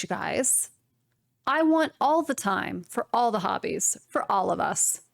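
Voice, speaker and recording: A young adult woman hosting a knitting podcast, chatting casually in a rambling, animated way. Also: a little high, unhurried, creaky, no room sound, studio quality. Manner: rambling, animated, swearing mildly. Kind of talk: casual chat to camera.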